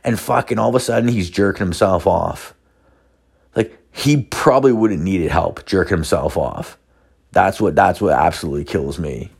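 A man's voice: low-pitched, moderate pace, gravelly, darkish tone, slightly rough. A man hosting a solo podcast from home, telling a profane, rambling story full of filler words. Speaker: podcast host.

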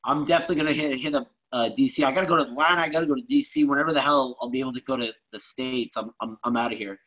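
A man's voice: medium pitch, very fast, fairly bright tone, highs cut off. A man hosting a casual podcast, laid-back, swearing freely and calling people "bro". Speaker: podcast host.

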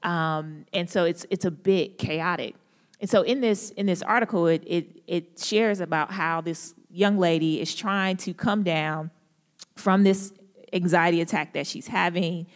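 A woman's voice: on the low side, unhurried. Young woman giving a casual devotional talk. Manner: casual and relatable, joking and laughing often. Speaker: speaker at a church or campus gathering. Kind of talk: conversational devotional talk opened with prayer. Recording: echoey hall with long reverb.

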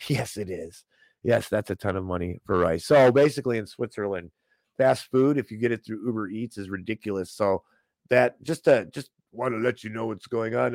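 A man hosts an online livestream, ranting sarcastically about the news and mocking people he disagrees with. His voice is lowish and darkish in tone at a normal speed. There's no echo, but the audio quality is poor.

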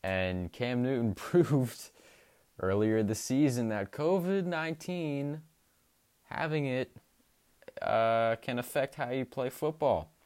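A young man hosting a sports podcast, recapping games in an enthusiastic, emphatic way with drawn-out stresses. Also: medium pitch, expressive, a little mellow.

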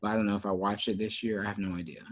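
A man co-hosting a podcast in casual chat, relaxed and often trailing off with fillers. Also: on the low side, rapid-fire. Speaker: podcast co-host.

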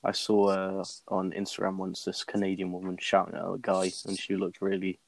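Young man, low voice, loose rambling banter, dry close recording. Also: completely flat delivery, normal speed, creaky, no room sound. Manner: rambling, laughs often, teasing. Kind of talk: casual podcast chat among friends.

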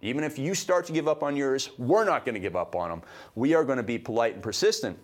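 A man from Canada co-hosting a motivational podcast, delivering advice in an emphatic, high-energy way. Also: expressive, fast. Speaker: podcast co-host.

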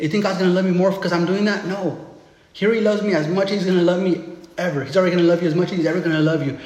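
A man with a slightly high voice preaches in a loose, conversational way, full of restarts and quick tag questions. His voice rings out through a large hall with a long, echoey reverb. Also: fairly even intonation, a little mellow. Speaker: pastor. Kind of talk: sermon.

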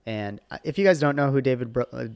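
A middle-aged man hosting a casual podcast as a father, talking in an animated, rambling way full of fillers and restarts. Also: medium pitch, fast talker, vocal fry, smooth.

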